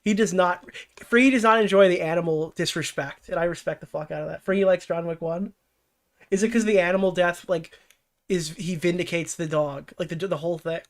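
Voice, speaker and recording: Young streamer dude, kinda high voice, swears a lot, rambles and cracks up laughing at chat. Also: male voice, steady tone, a little fast. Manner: profane, rambling, laughs often, mocking impressions. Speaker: streamer and commentary host. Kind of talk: casual livestream chat reading chat comments.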